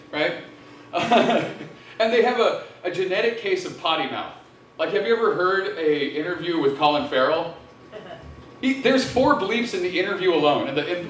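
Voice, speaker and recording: A male stand-up comic working a restaurant stage with a handheld mic, crude and loud, often laughing at his own jokes. His pitch sits high and leaps around. The sound echoes in a room and comes from a distance. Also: slight background noise. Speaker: stand-up comedian. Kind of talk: live stand-up set. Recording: echoey room heard from afar.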